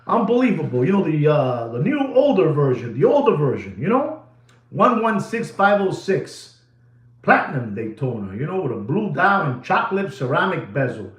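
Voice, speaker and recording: A man hosts a live watch-sale stream in a high, lively voice that swoops up and down. He rambles and hammers his points by repeating phrases again and again. The sound is roomy, with a clear echo. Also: normal speed. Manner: emphatic, repeats phrases over and over.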